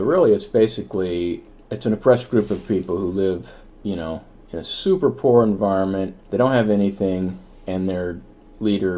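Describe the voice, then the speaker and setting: A man's voice: sits low, mellow. A man hosting comedic gaming banter, teasing and explaining in a wry way. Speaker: host.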